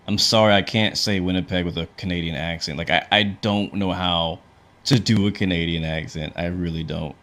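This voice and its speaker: Male streamer, lowish voice, casual chatty commentary while he works, answers chat. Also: fairly even intonation, normal speed, fairly bright tone. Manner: chatty, talks through each step, answers chat; frequent fillers and restarts. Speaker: flight sim streamer.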